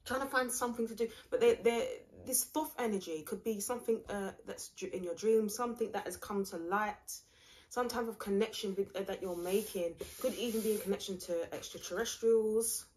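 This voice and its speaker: A woman's voice: medium pitch, a little fast, darkish tone, slight background noise. A woman giving a casual tarot reading, rambling, blunt and mocking. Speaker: tarot reader.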